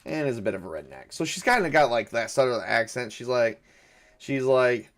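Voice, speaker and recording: His mid-range voice is animated and a bit bright, set at a moderate pace. As game master of a solo tabletop session, he talks through his thinking in a meandering way, fixing his own slips and laughing at his own quips.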